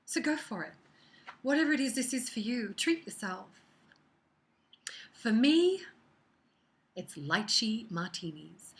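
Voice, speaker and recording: A woman giving a casual weekly card reading as a psychic, chatty and expressive, sometimes dropping into soft whispered asides. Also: on the high side, slow, long pauses.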